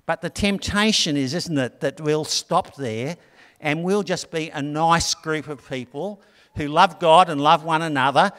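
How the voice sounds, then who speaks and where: A man's voice: on the high side, a bit bright, long reverb tail. A middle-aged man preaching a sermon in a conversational, storytelling way. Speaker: pastor.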